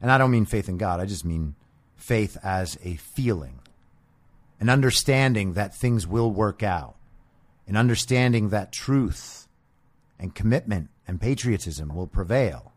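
A man's voice: on the low side, lively intonation, unhurried. A man hosting a podcast, delivering a combative, sarcastic political monologue peppered with profanity. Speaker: podcast host.

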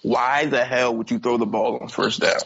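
A man's voice: medium pitch, steady tone, normal speed, gravelly, noisy background. Blunt ranting man, dull lo-fi sound. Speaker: podcast co-host. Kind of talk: casual sports chat.

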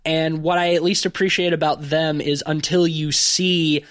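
A man's voice: on the high side, level tone, fairly bright tone. A man in casual podcast chat, giving blunt opinions about a movie and swearing now and then. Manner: opinionated, swears casually, quick bursts of talk.

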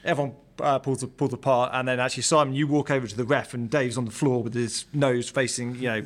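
A man talks quickly as he recalls an old rugby match. He is a former player on a casual podcast. His speech is halting and full of fillers. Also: mid-range voice, fairly even intonation. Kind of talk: casual storytelling.

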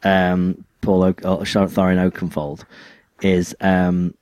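Low-voiced rambling man on a podcast. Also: little pitch movement, a little slow, a little mellow, dry recording. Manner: rambling, stumbling over words, self-correcting. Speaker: podcast co-host. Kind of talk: casual chat.

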